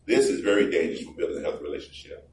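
A man's voice: deep voice, rapid-fire, a little mellow. A man preaching a sermon in a chatty, joking way, acting out little voices as he goes, recorded from a distance in a church. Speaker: pastor. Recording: roomy, distant mic with faint background noise.

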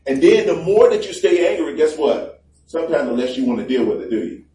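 A pastor delivers a sermon in a loose, conversational, joking way, slipping into little acted voices to drive home his points. His voice is slightly high, very animated, a bit fast and mellow. The mic sits some distance away, so the sound bounces around a roomy church with a faint hum beneath it.

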